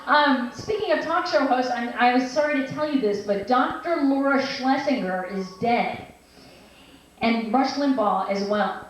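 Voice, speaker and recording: High-voiced woman doing stand-up. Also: measured pace. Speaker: stand-up comedian. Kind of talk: stand-up comedy set. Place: small restaurant venue, live reading night. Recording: echoey room, distant mic, faint noise.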